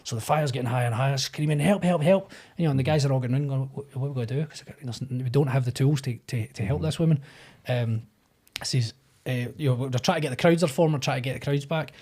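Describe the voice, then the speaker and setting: A Scottish man, an actor and podcast guest, telling a long anecdote in a casual, animated way, acting out the voices of the people in it. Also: medium pitch, fast talker. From Scotland. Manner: animated anecdote-telling, acts out quoted voices, swears freely. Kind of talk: casual storytelling.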